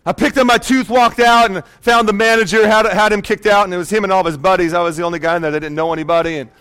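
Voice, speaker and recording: High-voiced man preaching a lively sermon. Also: quick pace, smooth. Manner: animated storytelling, calls out to congregation. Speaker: pastor. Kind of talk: sermon with personal story.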